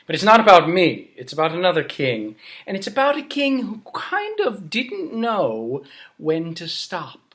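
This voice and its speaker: A man storyteller reading aloud for children, slow and unhurried. His pitch swoops widely, and he often invites the listeners to join in. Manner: animated, invites audience to repeat.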